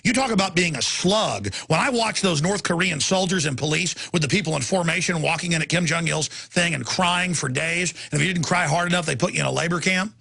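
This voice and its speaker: A man's voice: on the high side, brisk, vocal fry, few pauses, pushed and bright, breathy edge. A man hosting a talk show, delivering an angry, impassioned rant in a heated, emphatic way.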